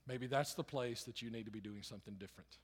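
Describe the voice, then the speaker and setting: A pastor preaching a sermon in a conversational way, rising loud for emphasis and dropping quiet and low, repeating phrases. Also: male voice, fast, slightly rough. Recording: long hall reverb.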